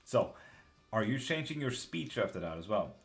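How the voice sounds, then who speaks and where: A man's voice: fairly low pitch, very animated, creaky, soft background music. Casual swearing male tarot streamer. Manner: breezy, answers chat questions rapidly, swears casually. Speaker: live tarot reader. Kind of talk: casual live-stream chat.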